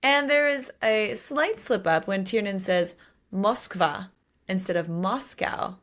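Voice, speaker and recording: A woman's voice: mid-range voice, lively intonation, measured pace, fairly bright tone. A woman co-hosting a podcast, casually recapping a novel's plot in a chatty way. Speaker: podcast co-host. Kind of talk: casual book discussion.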